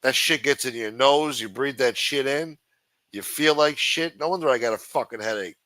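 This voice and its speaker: A man hosts his own livestream, reading the news aloud and breaking off into rambling, profane rants. His voice is bright and forceful. The sound is dry and close, with no room echo. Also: medium pitch, moderate pace. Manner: crude, sarcastic, reads headlines aloud then rants. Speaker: livestream host.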